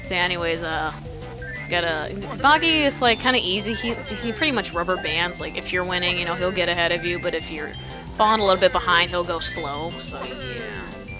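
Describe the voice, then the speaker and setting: A woman's voice: fairly low pitch, fairly quick, music in the background. Rambling casual woman gamer. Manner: rambling, filler-heavy, swears casually. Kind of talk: casual let's play commentary.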